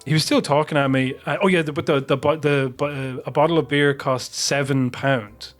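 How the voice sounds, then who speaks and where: A man's voice: fairly high pitch, fairly even intonation, fairly quick, soft background music. A man on a podcast telling a long, rambling anecdote with plenty of swearing. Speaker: podcast co-host. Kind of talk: casual podcast chat.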